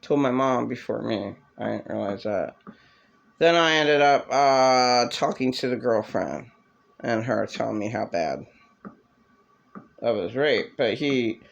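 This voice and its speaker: Woman, angry personal rant, slow-paced, bitter, swearing. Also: lively intonation, gravelly, highs cut off. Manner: bitter, swearing, mocking imitations in a shrill voice. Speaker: vlogger.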